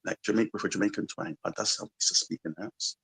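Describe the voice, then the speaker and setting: A man's voice: lowish voice, fairly even intonation, very fast, creaky, a bit bright, slightly rough, poor audio. A man from London with a slight American twang in his accent, a musician guest chatting reflectively in a radio interview, rambling with lots of "you know" and "like". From London, England. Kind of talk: casual radio interview chat.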